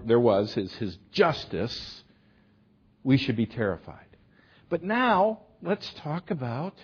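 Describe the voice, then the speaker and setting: Husky-voiced male preacher, lo-fi. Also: medium pitch. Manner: animated storyteller, swings from loud to hushed. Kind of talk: sermon.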